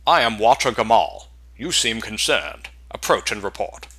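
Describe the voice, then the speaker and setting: A man voicing a calm, proud male warrior in a fantasy game, measured and commanding. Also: fairly low pitch, heavily acted.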